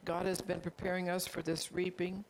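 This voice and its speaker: A pastor preaching a heartfelt sermon, with a gravelly, creaky edge running through the voice. The delivery is earnest and confessional, with frequent call-outs to the congregation. The pitch sits in a middle range. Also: little pitch movement, moderate pace, slight background noise.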